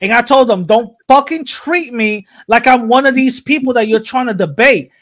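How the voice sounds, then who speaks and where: A man's voice: very high-pitched, normal speed, fairly bright tone. A man on a casual podcast, telling a heated story with lots of profanity and acted-out quotes. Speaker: podcast co-host.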